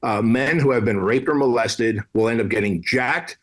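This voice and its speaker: A man's voice: medium pitch, normal speed, fairly bright tone. A man from Armenia in his late thirties or older, a podcast guest telling a personal story in a blunt, casual way, with slang and swearing. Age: 30s. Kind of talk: candid conversational storytelling.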